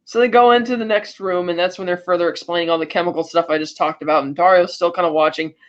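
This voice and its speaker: High-voiced man recapping a film. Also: lo-fi sound. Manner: animated storytelling with quick voiced asides. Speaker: podcast co-host.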